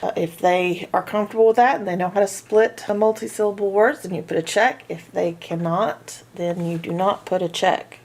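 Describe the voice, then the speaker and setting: A woman's voice: medium pitch, fairly even intonation, moderate pace, hardly any pauses, darkish tone. A woman teaching parents to assess their child's reading, going through a checklist of questions and sounding out letters and words. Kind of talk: instructional walkthrough.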